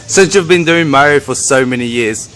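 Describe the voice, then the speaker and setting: A man's voice: medium pitch, moderate pace, fairly bright tone. A man in the audience asking the guest a casual question, recorded on a phone. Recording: distant phone recording with faint noise.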